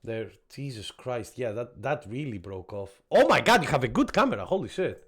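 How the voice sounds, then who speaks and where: Animated man streaming a game. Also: mid-range voice, husky. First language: not English. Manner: excitable, chatty, quick to laugh and swear. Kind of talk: live gameplay commentary.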